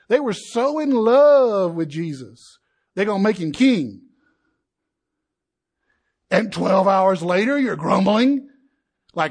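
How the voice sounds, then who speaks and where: A man preaching a sermon in an animated way, acting out the crowd's voices and building to indignant peaks. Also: high voice, takes it slowly.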